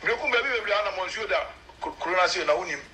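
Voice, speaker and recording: A man with a Ghanaian accent, a chief's spokesman, explaining customs in an animated, emphatic way to a local news camera. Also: sits high, racing, a crowd in the background, rough recording.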